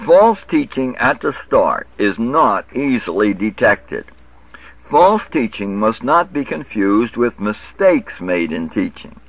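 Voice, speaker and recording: Speaking slowly in a mid-range voice with big pitch swings, a preacher quotes scripture and explains it in a teaching lecture. He corrects himself now and then. The recording is dry and dull lo-fi.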